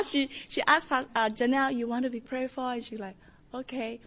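Woman, lively storytelling testimony, muffled lo-fi recording. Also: sits high. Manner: animated storytelling, acts out quotes. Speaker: church member giving testimony.

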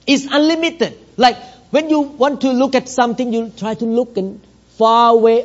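Pastor guy w a foreign accent, high voice, simple broken english, gets loud n emphatic, muffled lo-fi church recording. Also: steady tone, moderate pace. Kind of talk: sermon.

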